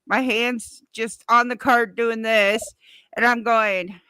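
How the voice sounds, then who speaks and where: Bright-voiced woman telling a story. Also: fairly high pitch, fairly even intonation, slow, clear, resonant tone, no echo. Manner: rambling, storytelling, swears. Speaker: stream guest. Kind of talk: casual chat on a live stream.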